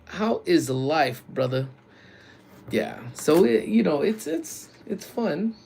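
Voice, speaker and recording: Security guy streaming from work, gravelly voice, chill slang, faint noise behind him. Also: on the high side, animated, slow. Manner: laid-back slang, breaks into loud greetings to viewers. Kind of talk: casual live-stream chat with viewers. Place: workplace community center.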